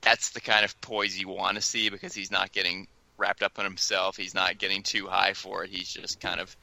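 A man co-hosting a casual baseball talk show, chatty and lively, often mimicking players in quotes. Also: low-pitched, normal speed, gravelly, no echo, rough recording. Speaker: sports podcast co-host.

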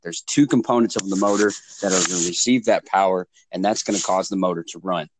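A man in casual chat, calmly explaining technical work in plain words. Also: sits low, fast, background noise.

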